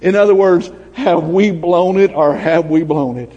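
A long hall reverb follows each phrase as a high, husky-voiced pastor preaches a sermon in a church sanctuary. Speaking at a measured pace, he moves from shouting exclamations to quiet, hushed storytelling.

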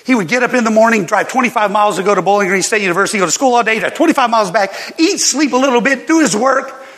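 An older man, a pastor, telling a personal story in a sermon and reading scripture, with animated laughter between lines. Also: high voice, racing, in a large hall.

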